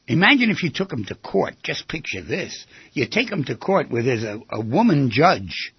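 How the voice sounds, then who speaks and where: A man giving an animated talk, firing off rhetorical questions and acting out quoted voices, on a slightly muffled lo-fi recording. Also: medium pitch, brisk, slightly rough, no echo. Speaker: speaker giving a talk on relationships. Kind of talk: animated lecture to an audience.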